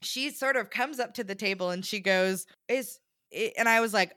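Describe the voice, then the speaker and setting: A woman tells a casual story on a podcast in a bright, forward voice. She acts out the people she quotes with big jumps in pitch. The room is dry and close, with no echo. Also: normal speed. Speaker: podcast co-host.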